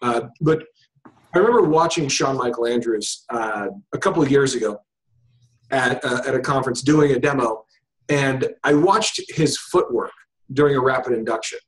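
A man's voice: mid-range voice, normal speed, low-quality recording. A man who teaches hypnosis, talking casually as an interview guest with lots of fillers and restarts. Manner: casual, thinks aloud with frequent fillers and restarts. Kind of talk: conversational interview. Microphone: video call.

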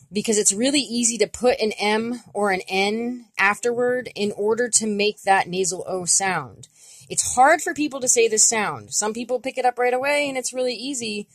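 A woman's voice: mid-range voice, no echo. Chatty woman teaching a language lesson. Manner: relaxed and chatty, with many fillers and playful demonstration sounds. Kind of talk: casual online language lesson.

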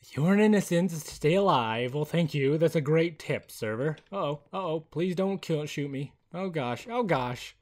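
A man hosting a casual gameplay video on a headset mic, excitable and chatty, laughing often. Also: on the high side, slow pace. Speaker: gaming video host.

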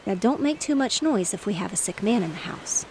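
A woman reading the part of a cheerful, reassuring father in a bedtime storybook, with a slightly gravelly voice. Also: medium pitch, lively intonation, brisk, a little mellow, a little hiss or hum, lightly acted. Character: cheerful fatherly man, fish merchant.

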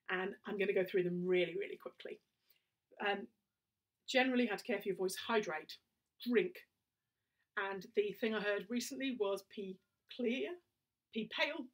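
A woman's voice: medium pitch, distant mic. A woman with a southern English accent, a singing teacher giving a casual spoken lesson, chatty and prone to little laughing asides. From England.

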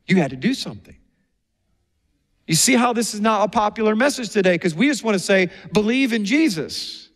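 High-voiced man preaching in a reverberant hall. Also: a little fast, pauses often. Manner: animated storytelling, acting out quoted people. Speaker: pastor. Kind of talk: sermon.

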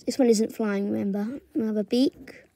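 A woman's voice: on the high side, fairly even intonation, mellow, no echo. A young woman giving a casual drawing tutorial, chatting through each step as she sketches. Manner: slow, chatty step-by-step narration while drawing.

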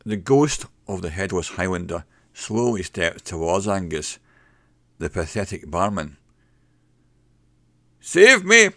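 A man narrating a mystery story in a slow, measured way. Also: deep voice, no echo, clean studio sound.

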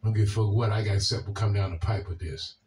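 A man's voice: on the low side, steady tone, racing, darkish tone, distant mic, a little hiss or hum. A man with a Washington, D.C. accent hosting a video, answering viewer comments in a blunt, profane way and often repeating himself. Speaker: video host.

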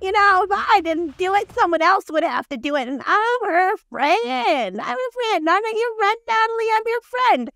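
A woman's voice: very high voice, lively intonation, normal speed, hardly any pauses, fairly bright tone, no echo, pitched above the performer's own voice, full character voice. A woman imitating a smug older woman who mocks and insults in a sing-song voice. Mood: smug mocking. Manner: mocking, sing-song, catty.

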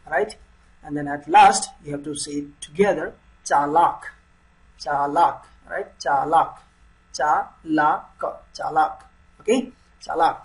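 A man with an Indian accent giving a Hindi language lesson, repeating each word slowly and drawing out its syllables. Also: on the high side, recorded from a distance, low-quality recording. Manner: slow, repeats words with drawn-out syllables. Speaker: Hindi teacher.

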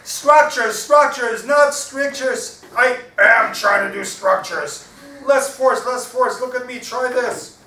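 A shrill, pedantic parrot, squawking high and loud over bright, forceful tones. The voice rings through a roomy hall, picked up from a distance. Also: male voice, slow pace, heavily acted. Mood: insistent. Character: shrill chatty talking parrot, male, pedantic.

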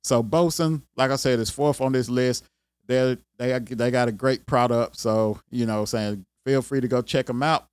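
A man's voice: mid-range voice, fairly even intonation, moderate pace, clean tone, dry recording. Laid-back man with a country accent. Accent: Southern US country. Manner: laid-back, rambling, frequent "you know what I'm saying". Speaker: IT career video host. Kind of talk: casual talk to camera.

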